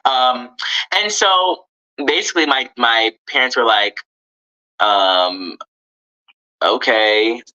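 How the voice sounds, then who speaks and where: A man's voice: medium pitch, big pitch swings, slow pace, bright, forceful tone, highs cut off. Earnest man telling a personal story. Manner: earnest, open, hesitant. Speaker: guest telling his story.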